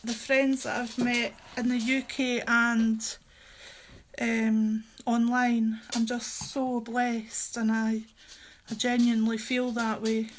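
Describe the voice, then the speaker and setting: A woman's voice: fairly high pitch, flat delivery, takes it slowly, slight background noise. A woman hosting a casual crafting livestream from her craft room, chatty and gushing, often giggling.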